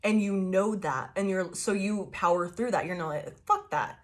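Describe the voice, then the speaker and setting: Speaking at normal speed in a mid-range voice, this tarot reader keeps things casual and profane. Laughter breaks in often as she animatedly tells her story.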